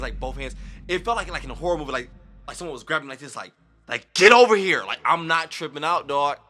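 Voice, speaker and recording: A man hosting a reaction video, talking in an excitable, rambling, slangy and profane way. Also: mid-range voice. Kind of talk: casual reaction commentary.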